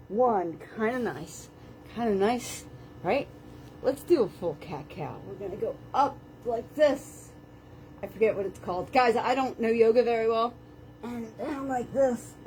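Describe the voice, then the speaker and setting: A woman's voice: a little high, darkish tone, slight background noise. A woman leading a live floor workout at home, chatting and joking about herself as she talks viewers through planks and stretches and counts the reps aloud. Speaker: fitness instructor. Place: indoors at home, on a floor mat. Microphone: camera on the floor.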